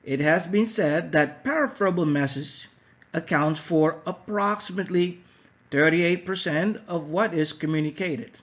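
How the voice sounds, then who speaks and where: A man narrating a scripted lesson as an instructor, with a measured, even delivery. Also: on the high side. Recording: dull lo-fi audio.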